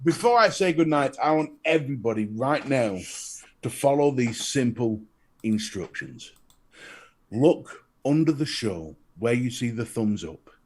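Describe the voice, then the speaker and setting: Lively sweary northern English bloke. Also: male voice, mid-range voice, a little slow. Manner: jokey, sweary, lively delivery. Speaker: co-host. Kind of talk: casual show sign-off chat.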